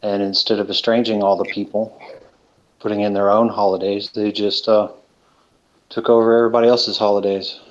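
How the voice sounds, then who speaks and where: Male co-host, low and monotone, rambling casual live-stream chat. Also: brisk. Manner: rambling, hesitant, with many fillers. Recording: dull lo-fi stream audio.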